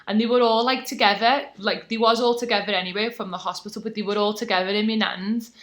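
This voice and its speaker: A woman's voice: medium pitch, steady tone, quick pace. A British woman in her twenties, a sportswoman telling her story in a casual podcast interview, chatty and full of fillers. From Britain. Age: 20s. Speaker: guest, taekwondo athlete.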